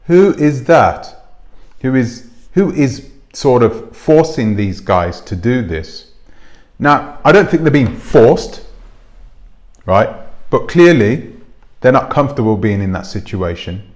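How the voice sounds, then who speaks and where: An expressive man with a mid-range voice speaks slowly on his own commentary channel. Using a clip-on microphone, he talks to the camera in a relaxed way, rambling and putting rhetorical questions to the people watching.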